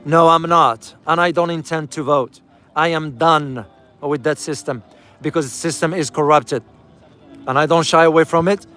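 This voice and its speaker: With a bright, forceful tone and a voice on the high side, a man narrates his ride through a city in casual travel commentary, at normal speed and with fairly even intonation. He addresses viewers as "guys," repeats key phrases for emphasis, and soft music plays in the background.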